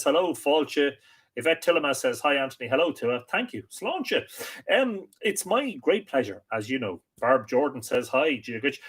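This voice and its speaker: An Irish man hosting a live mythology stream, chatting casually and greeting viewers by reading out their comments, often pausing and repeating words. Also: fairly high pitch, fairly bright tone, breathy edge. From Ireland. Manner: chatty and friendly, with many hesitant repeats. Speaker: host of a live mythology show.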